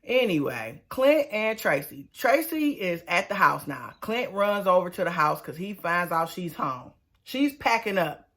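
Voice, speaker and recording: A woman giving a casual, animated review of a reality TV episode, talking in a colloquial, exclaiming way. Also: fairly low pitch, a little slow. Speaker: reality TV recap vlogger.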